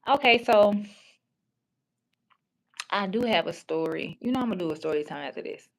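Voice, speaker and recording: A woman's voice: fairly low pitch, animated, normal speed, gravelly. A woman hosting a livestream in casual chat, talking bluntly and profanely, rambling with many restarts. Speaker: livestream host.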